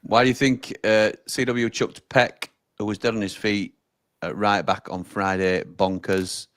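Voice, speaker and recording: A man's voice: on the low side, level tone, a little slow, fairly bright tone. A man co-hosting a football watch-along, chatting casually and reading out viewer comments. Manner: chatty, reads out viewer messages.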